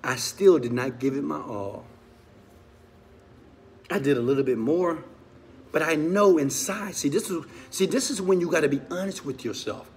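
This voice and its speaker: A man, a motivational speaker, tells a personal story with strong feeling. He swings from loud urging to hushed confession and keeps asking his listeners questions. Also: a little high, moderate pace, long pauses, a little hiss or hum. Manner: talks straight to listeners with questions.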